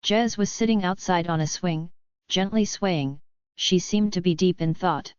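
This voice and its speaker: Woman audiobook narrator, lowish, very clear, close dry sound. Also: measured pace, dry recording. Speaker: audiobook reader. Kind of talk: scripted narration. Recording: dull lo-fi audiobook recording.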